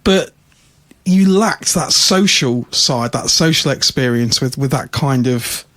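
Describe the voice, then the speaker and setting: A man's voice: mid-range voice, expressive, takes it slowly, a bit bright. A male podcast host in casual chat, friendly and chatty, leading the guest along.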